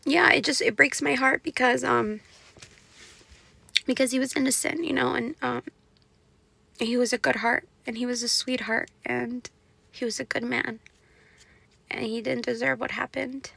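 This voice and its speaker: A woman's voice: a little high, steady tone, moderate pace, gravelly, pauses often, bright, forceful tone, breathy edge. A woman vlogger reading scripture aloud to her camera and reflecting on it in an earnest, heartfelt way. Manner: earnest, heartfelt, openly emotional. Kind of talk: scripture reading with personal commentary. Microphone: self-recorded on camera.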